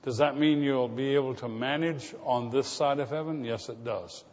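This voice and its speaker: A man's voice: medium pitch, moderate pace. A male pastor delivering a sermon, telling stories and building to emphatic repeated lines. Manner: storytelling preacher, rising to emphatic repetition. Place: church sanctuary. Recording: muffled church recording with long reverb.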